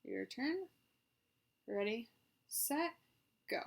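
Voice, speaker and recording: A woman who works as a speech therapist, leading a voice exercise session and giving slow, clear, deliberate instructions between loud sustained vowels. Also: on the high side, lively intonation.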